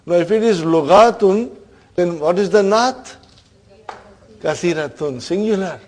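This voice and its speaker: A man's voice: high-pitched, a little slow. A man teaching an Arabic grammar class, quizzing his students and checking in with a "huh?" between points. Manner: questioning students, frequent "huh?" and laughs.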